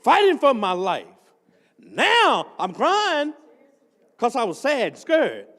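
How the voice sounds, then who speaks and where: An older man, preaching a testimony sermon as associate pastor and telling a story that builds up into shouting. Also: very high voice, slow, long reverb tail. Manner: animated storytelling, swells into shouting.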